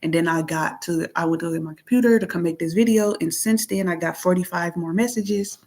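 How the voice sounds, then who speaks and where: Woman vlogger, low-ish voice, plainspoken and aggrieved, keeps clearing her throat. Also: fairly quick, darkish tone. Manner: reads out text messages and comments on them; plainspoken, aggrieved, repeats herself. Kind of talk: casual venting monologue.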